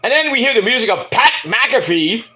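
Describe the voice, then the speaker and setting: A man casually ranting through a wrestling show review, animated and profane. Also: very high voice, brisk. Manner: animated, profane, jumps into mocking impressions.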